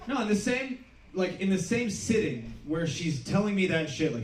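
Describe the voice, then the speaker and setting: A middle-aged man doing a stand-up comedy set, deadpan and self-deprecating, swearing freely. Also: sits high, moderate pace. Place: small comedy club stage. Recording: roomy club sound from a distance. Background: audience laughter.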